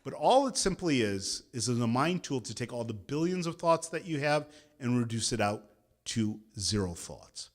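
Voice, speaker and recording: A man's voice: mid-range voice, big pitch swings, moderate pace. A man in his thirties, a meditation teacher giving a guided meditation talk and leading a group in call-and-response chanting at an interfaith gathering.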